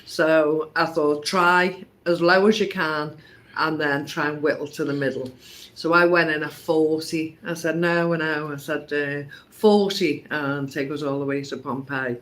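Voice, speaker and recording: A man's voice: on the high side, fairly even intonation, measured pace, a bit bright. A man telling a travel story in casual conversation, often checking with his partner. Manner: conversational, often asks "didn't we?", laughs. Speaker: co-host.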